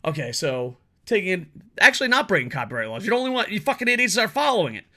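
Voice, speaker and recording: Blunt, profane ranting man, bright tone. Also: high voice, very animated, quick pace. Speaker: wrestling commentary youtuber. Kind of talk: solo opinion rant to camera.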